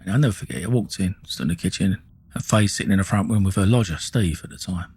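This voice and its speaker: A low, husky, slightly mellow voice moves at a quick pace. The speaker, a middle-aged Englishman with an Essex accent, recounts his own life in blunt, sweary, casual speech, with frequent restarts and plenty of "you know what I mean".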